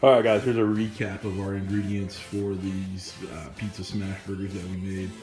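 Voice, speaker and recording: A man's voice: deep voice, little pitch movement, normal speed, darkish tone. A man casually recapping the ingredients in a cooking video, listing the items one by one. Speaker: cooking channel host. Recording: roomy echo with music under the voice.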